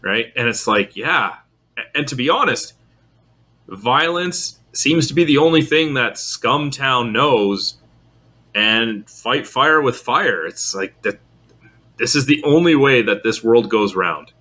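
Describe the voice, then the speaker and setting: Male podcast co-host, bright forceful voice, opinionated and animated in debate. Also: slow pace. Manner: opinionated, lively pitch swings, argues his points. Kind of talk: casual film review chat.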